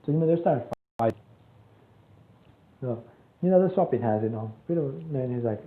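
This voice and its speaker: A man's voice: mid-range voice, expressive, normal speed, pauses often. Brief: casual rambling male storyteller, tinny phone-like audio in an echoey room. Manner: rambling, full of fillers and restarts. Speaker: channel host.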